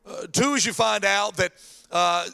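A man preaching a sermon as pastor, animated, acting out the voices of people in the scripture story. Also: high-pitched, measured pace, gravelly, smooth.

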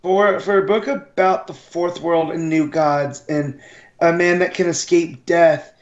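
Male podcast co-host, fairly high pitch, eager and halting. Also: steady tone, echoey room, highs cut off. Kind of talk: casual chat.

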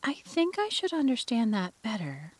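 Woman doing young Alice, high and earnest. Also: huge pitch swings, moderate pace, no room sound. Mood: polite. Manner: polite, earnest, a little indignant. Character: polite curious young girl, Alice.

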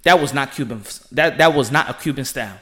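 A man hosting a boxing podcast from home, talking in an excitable, slangy monologue and often saying "ladies and gentlemen". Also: medium pitch, a little fast. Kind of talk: animated boxing commentary monologue. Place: home room with children nearby. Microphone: home setup.

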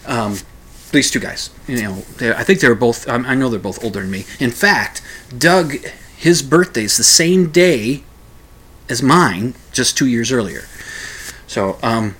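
A man's voice: mid-range voice, animated, a little slow, fairly bright tone, breathy edge. A man from Minnesota telling a long casual story, rambling with many restarts and fillers and a wry, self-deprecating humor.

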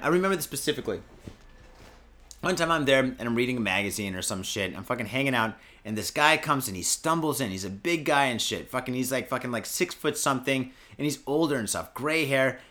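A man hosting a podcast, telling a story in a loose, profane way, swearing constantly and shouting out quoted lines. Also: mid-range voice, lively intonation, normal speed. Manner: profane, peppers speech with "and shit" and "fucking". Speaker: podcast host.

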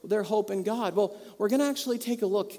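A man's voice: high-pitched, fast talker, mellow. A man preaching a sermon to a congregation, earnest and full of questions to his listeners. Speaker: pastor. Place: church hall. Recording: long reverb of a hall.

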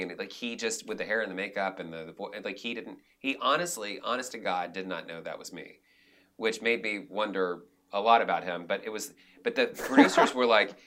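A man, a director and actor, talking casually in an interview and telling animated stories from the theater with many restarts. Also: on the low side, a little fast. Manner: animated, acts out quotes, frequent restarts.

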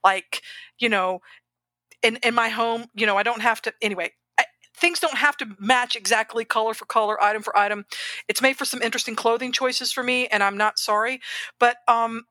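A woman co-hosting a podcast on grant work, talking in an animated, rambling way and correcting herself as she goes. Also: a little high, fairly quick, dry recording. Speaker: podcast co-host, grant professional. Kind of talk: casual podcast chat.

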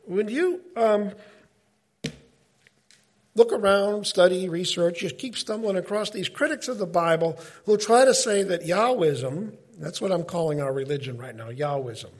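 Middle-aged guy teaching bible study, husky voice, chatty and animated, keeps cutting himself off. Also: high-pitched, a little slow. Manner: conversational, animated, self-interrupting.

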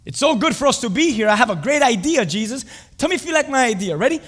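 A man voicing an excitable male apostle who gushes loud, rapid-fire plans and questions, in a reverberant hall. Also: extremely high pitch, pitched above the performer's own voice, heavily acted. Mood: excited.

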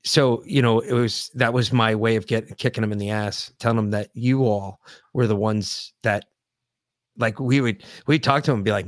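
A man co-hosting a podcast in casual talk, grieving, speaking in halting, emotional bursts with lots of profanity and restarts. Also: on the low side, steady tone, no echo, clean studio sound. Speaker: podcast co-host.

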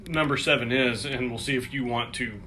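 A man's voice: mid-range voice, brisk, bright, forceful tone. Hesitant man reading out quiz questions. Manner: hesitant, many restarts, laughs often. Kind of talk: casual chat.

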